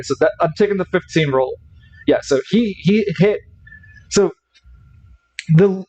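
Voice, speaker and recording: Guy running a tabletop game session, voice a bit high, keeps stumbling and restarting. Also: darkish tone, lo-fi sound. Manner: halting, frequent restarts while checking rules. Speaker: game master.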